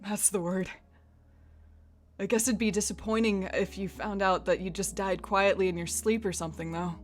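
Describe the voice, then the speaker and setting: A woman voicing a bewildered young man who has just died, reading game dialogue aloud in a hesitant, quietly puzzled way. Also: mid-range voice, fairly even intonation, normal speed, voice pushed down, natural voice.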